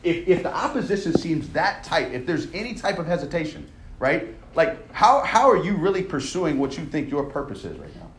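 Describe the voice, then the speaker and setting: In an echoey room, a young man who coaches gives a conversational, emphatic devotional sermon, checking in frequently with "all right?". His pitch is fairly high with big swings, and he speaks at a normal speed.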